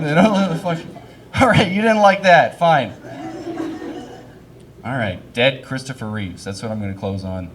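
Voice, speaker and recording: A man's voice: on the high side, lively intonation, a little slow, pauses often. A young man doing live stand-up, rambling and self-deprecating and laughing at his own jokes. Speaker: stand-up comedian.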